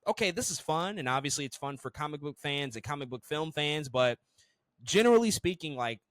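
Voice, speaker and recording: A man co-hosting a casual movie review podcast, talking in an animated way, swearing freely and repeating words as he restarts sentences. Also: a little high, brisk, no room sound. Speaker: podcast co-host.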